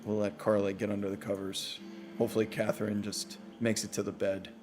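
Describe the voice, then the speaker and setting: Male host, lower register, playful and self-mocking in loose chat; soft music bed underneath. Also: completely flat delivery, brisk. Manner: playful, teasing banter. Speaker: podcast host. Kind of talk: casual live postgame chat.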